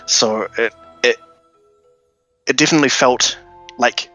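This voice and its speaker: A man co-hosting a podcast in casual chat, talking haltingly with frequent stumbles and restarts. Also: mid-range voice, bright, forceful tone, soft background music, poor audio. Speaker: podcast co-host.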